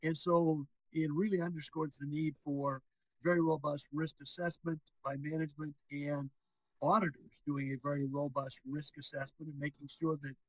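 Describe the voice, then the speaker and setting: A man as interview guest, explaining policy topics in a deliberate, measured way with occasional restarts. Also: a little high, husky, no room sound, rough recording. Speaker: interview guest, securities regulator.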